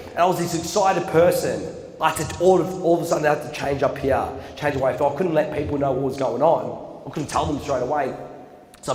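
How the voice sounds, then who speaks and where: A young man telling his own story at a seminar, acting out the voices of people he quotes with big jumps in loudness. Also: a little high, brisk. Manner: animated, acts out quotes with big swings in loudness. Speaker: seminar speaker. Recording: echoey hall recording, faint room noise.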